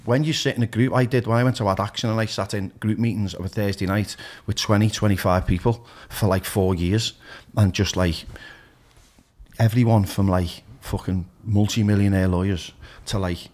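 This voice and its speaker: A man with a Liverpool accent, guesting on a podcast as a DJ and telling blunt stories from his own life. His voice sits a touch low and comes out husky. He swears freely and trips into quick restarts. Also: steady tone, a little mellow. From Liverpool, England. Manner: frank, heavy swearing, rapid restarts. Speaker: DJ and radio presenter, podcast guest. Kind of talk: candid storytelling in conversation.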